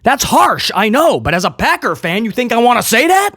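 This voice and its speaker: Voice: mid-range voice, very animated, brisk, fairly bright tone, dry recording, clean studio sound. A football fan giving a casual, sarcastic game review monologue as the show's host. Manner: sarcastic, joking and exasperated.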